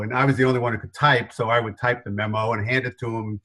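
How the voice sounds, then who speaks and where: A middle-aged man whose faint New York accent slips through as he answers interview questions. He tells stories in a lively, self-deprecating way and laughs often, and his voice sits in a medium register. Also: medium pitch, fast, hardly any pauses, rough recording. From New York area. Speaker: guest consultant.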